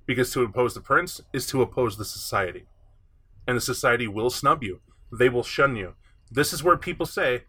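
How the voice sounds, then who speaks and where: A man talking casually on a podcast, animated and slipping into mocking voices. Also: medium pitch, normal speed, slightly rough. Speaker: podcast co-host discussing a tabletop game.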